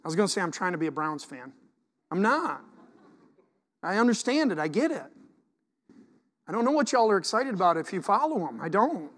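High-voiced pastor preaching with fervor. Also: male voice, a little fast, long pauses, big-room sound. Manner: animated preaching, reads scripture aloud, swings from loud to quiet. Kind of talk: sermon.

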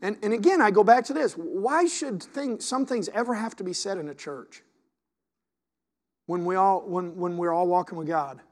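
A man's voice: high-pitched, normal speed. A male pastor preaching a sermon, reading scripture aloud, repeating words, and asking his congregation questions. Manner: repeats words and restarts sentences.

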